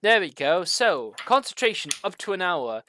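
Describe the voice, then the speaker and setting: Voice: medium pitch, sing-song, moderate pace, pushed and bright, no room sound. Chatty game master with dry sound. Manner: loose, filler-heavy descriptive narration. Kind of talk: running a tabletop game over voice chat.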